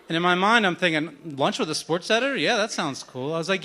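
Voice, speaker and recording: A man's voice: high voice, expressive, fast talker, hardly any pauses, pushed and bright. A man in his thirties telling a wry, self-deprecating story on stage at a live event, acting out the other people in it.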